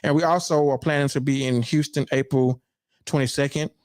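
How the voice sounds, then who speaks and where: A man's voice: medium pitch, a little fast, no room sound. A man hosts a casual podcast chat in an easy, rambling way, stopping and restarting his sentences. His voice sits in a middle range, and it is recorded close and dry with no room sound. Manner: relaxed, loose, with frequent fillers and restarts. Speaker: podcast host.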